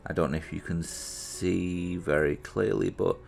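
A man's voice: deep voice, fairly even intonation, a little slow, gravelly, darkish tone. A British man chatting casually as he demonstrates a product he is unboxing, thinking aloud and poking fun at himself. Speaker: reviewer presenting an unboxing.

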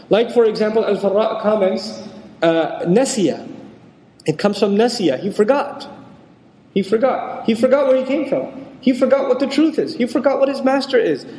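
High-voiced man giving an echoey lecture. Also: mellow. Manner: conversational, acts out quoted voices. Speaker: Quran lecturer. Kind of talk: religious lecture. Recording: echoey hall with long reverb.

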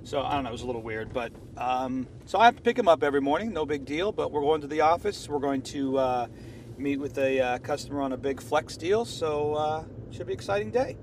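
A man's voice: a little high, animated, a little fast, slight background noise. A man playing a boastful office manager in an improvised mockumentary, rambling and playful.

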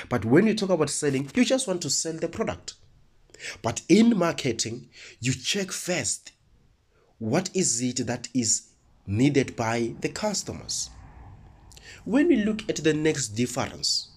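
A male teacher explains his lesson in a husky voice whose pitch rises and falls in a lively way. He puts questions to his class and then answers them himself. Sometimes he repeats a word several times while he looks for the next one. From South Africa. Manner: repeats words while thinking.

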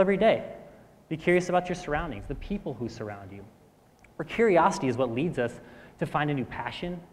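A man in his thirties giving a motivational talk on stage, talking quickly and often clearing his throat. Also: a little high, a little mellow. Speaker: speaker at a live talk event. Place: stage in a hall with an audience. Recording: reverberant hall.

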